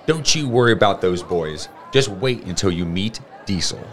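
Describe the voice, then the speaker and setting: A man voicing a spunky young girl who owns a rooster, speaking in a higher, bossy voice. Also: expressive, normal speed, a bit bright, some chatter behind. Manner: bold, bossy, higher girlish voice.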